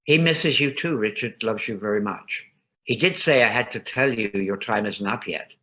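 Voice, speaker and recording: A man's voice: fairly low pitch, moderate pace, bright, forceful tone, poor audio. A man voicing a nervous, earnest young woman who hesitates and stumbles over her words.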